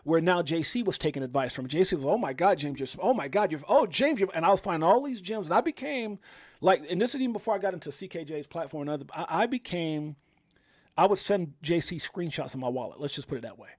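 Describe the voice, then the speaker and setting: A man's voice: fairly high pitch, lively intonation, fast talker, no echo, clean studio sound. A middle-aged man hosting a casual livestream, telling a personal story with emphasis and acting out what people said. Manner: emphatic storytelling, acts out quoted exclamations. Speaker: livestream host.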